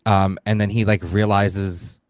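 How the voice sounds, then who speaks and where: A man describing his character's reactions in an actual-play tabletop game, quick and full of fillers. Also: lowish voice, level tone, smooth, dry recording, clean studio sound. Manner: quick, filler-heavy narration. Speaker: player.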